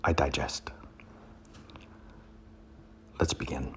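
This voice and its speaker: A man's voice: a bass voice, steady tone, takes it slowly, long pauses, slight background noise. A man giving a comedic poetry reading, mock-pompous and rambling, often dropping into whispers.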